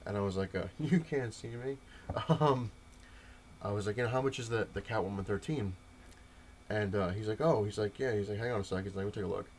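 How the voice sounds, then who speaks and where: A man's voice: lowish voice, a little fast, darkish tone, a little hiss or hum. A young man rambling through a casual comic-collecting update, full of fillers and quoted exchanges. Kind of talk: casual update rant to camera.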